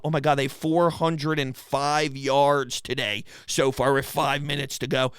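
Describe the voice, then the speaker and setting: A man's voice: medium pitch, level tone, unhurried, few pauses, a bit bright, clear, resonant tone, no room sound, clean studio sound. A male host giving exasperated, mocking play-by-play of a game during a live reaction stream.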